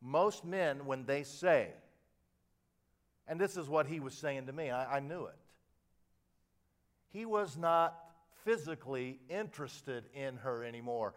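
A man's voice: fairly high pitch, unhurried. Emphatic older male preacher. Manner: animated storytelling, swinging from quiet asides to loud emphatic lines; repeats and restarts words when fired up. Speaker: pastor. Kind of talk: sermon.

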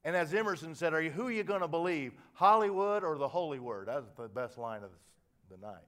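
An older man preaching from the pulpit. He tells his stories with plenty of animation, dropping to quiet asides and then climbing to loud, emphatic punches. When he gets fired up he stumbles over and repeats his words. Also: on the high side, expressive, fast talker. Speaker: pastor. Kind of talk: sermon.

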